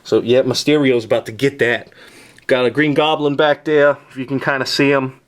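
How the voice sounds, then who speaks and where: A man's voice: medium pitch, fairly even intonation, moderate pace. A man giving a casual, rambling tour of his collection at home, joking often and filling gaps with "uh" and "we got.". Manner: rambling and jokey, lots of "uh" and "we got". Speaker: vlogger showing his toy collection.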